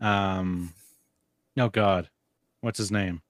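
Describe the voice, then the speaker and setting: A man's voice: low voice, steady tone, drawn-out words, dry recording, studio quality. Man hesitating through casual chat. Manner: hesitant, frequent ums, quotes lines in put-on voices.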